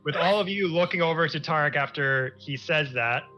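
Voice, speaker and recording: A man's voice: on the high side, normal speed, dull audio, soft background music. A man running a tabletop game as game master, upbeat and laughing, steering the players along. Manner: lively, laughing, keeps the table on track.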